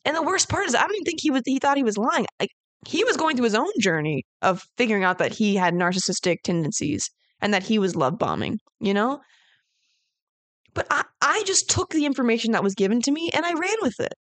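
A woman's voice: on the high side, lively intonation, brisk, no room sound. Candid young woman, dry close mic. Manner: candid, rambling, heavy use of "like". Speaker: podcast host. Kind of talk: casual personal storytelling.

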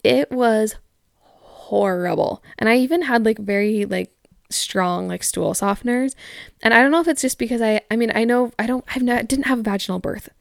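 Chatty young woman with a gravelly edge. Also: fairly high pitch, normal speed, no echo, clean studio sound. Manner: chatty, frequent "like" fillers, candid. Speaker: podcast host. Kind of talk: casual chat reading listener stories.

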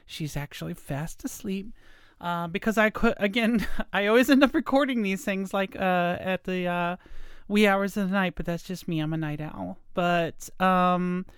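A woman's voice: medium pitch, smooth, dry recording, clean studio sound. A woman hosting her own podcast, talking in a chatty, meandering, friendly way in a casual solo monologue. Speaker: podcast host. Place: at home late at night.

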